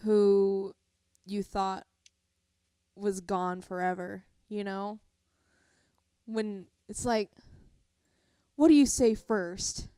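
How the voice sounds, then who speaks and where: A woman's voice: medium pitch, fairly even intonation, extremely slow, pauses often, mellow, clean tone, no echo, clean studio sound. A young woman co-hosting a fan podcast, speaking earnestly and thoughtfully. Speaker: podcast co-host. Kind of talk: casual fan podcast chat.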